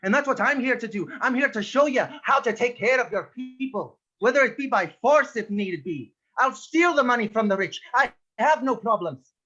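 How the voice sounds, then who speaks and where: A man's voice: high voice, lively intonation, normal speed, bright, forceful tone. A man playing an earnest young actor on tape. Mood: overwrought. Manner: laid-back, then overwrought monologue delivery. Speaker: improv performer. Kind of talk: improv comedy scene. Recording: dull lo-fi webcam audio.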